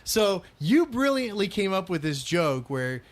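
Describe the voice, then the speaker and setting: A man co-hosts a casual podcast and recounts anecdotes with animated amusement. His voice runs a bit higher than the typical man's. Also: a little slow. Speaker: podcast co-host. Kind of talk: casual chat.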